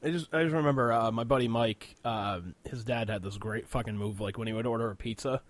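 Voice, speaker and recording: A man's voice: medium pitch, fairly quick. A young man co-hosting a casual podcast, telling stories animatedly, laughing often and swearing a lot. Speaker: podcast co-host. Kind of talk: casual chat.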